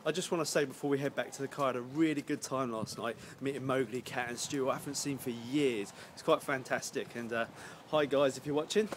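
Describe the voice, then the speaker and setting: A man's voice: mid-range voice, steady tone, a little fast. A young man casually vlogging a day out, chatty and teasing, filmed on a handheld camera in windy seaside streets. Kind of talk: casual vlog narration. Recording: windy outdoor noise, traffic.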